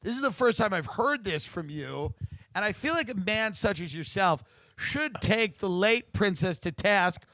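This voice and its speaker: Casting: middle-aged man, podcast host, high bright voice, teasing comic banter. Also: animated, moderate pace. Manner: teasing, mock-formal riffs. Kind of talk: casual comedic banter.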